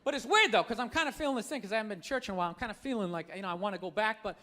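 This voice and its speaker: A man in his fifties with a Boston accent doing stand-up, ranting in an animated, incredulous way. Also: sits high, rapid-fire. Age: 50s. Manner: animated, incredulous rants with acted-out voices. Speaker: stand-up comedian. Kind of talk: stand-up comedy set. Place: comedy club stage before a live audience. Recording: live club recording with audience noise. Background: audience laughter.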